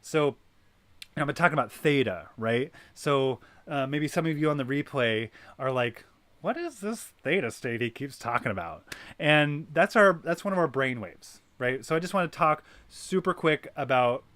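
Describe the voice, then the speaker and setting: A man hosting a wellness circle, talking in an animated coaching way that is full of "right?" and "you know". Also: fairly high pitch, normal speed, no echo. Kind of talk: guided wellness talk.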